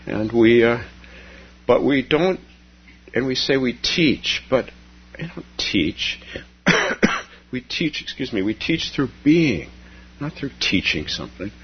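A man teaching as a Zen teacher in a gentle, storytelling dharma talk, repeating key phrases softly. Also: mid-range voice, lively intonation, takes it slowly, long pauses, slightly rough, highs cut off.

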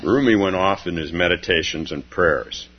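A man teaching as a Zen teacher in a gentle, storytelling dharma talk, repeating key phrases softly. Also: sits low, moderate pace, muffled recording.

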